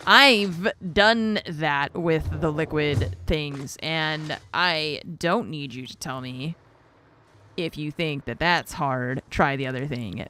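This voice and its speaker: A young woman streamer talks her way through a building game, muttering numbers and getting flustered. She speaks slowly and deliberately, with a faint hum of noise behind her. Her tone is self-mocking as she loses track. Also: low-pitched, sharp tone. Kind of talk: casual gameplay commentary.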